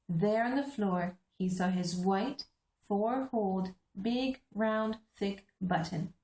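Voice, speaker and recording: A woman's voice: medium pitch, slow pace, a little mellow, echoey room. Woman reading a storybook aloud. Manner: teacherly, explains pictures. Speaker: host reading to English learners. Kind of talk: children's book read-aloud.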